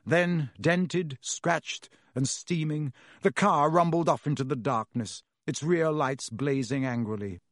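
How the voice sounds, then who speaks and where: A man's voice: a little high, slow, hardly any pauses, no echo, clean studio sound. A man narrating a storybook in a vivid, dramatic way. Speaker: audiobook narrator.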